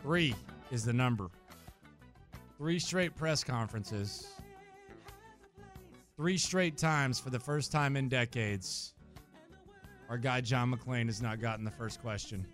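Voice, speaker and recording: A man hosting a sports radio show, animated and mock-serious, a self-described high-strung talker. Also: slow pace, long pauses, soft background music. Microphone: studio microphone.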